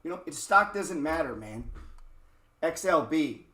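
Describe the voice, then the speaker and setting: A man's voice: a little high, animated, measured pace, sharp tone. A man giving a casual, blunt market lesson over a screen share, swearing often and firing rhetorical questions at viewers. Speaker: trading educator. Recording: roomy echo.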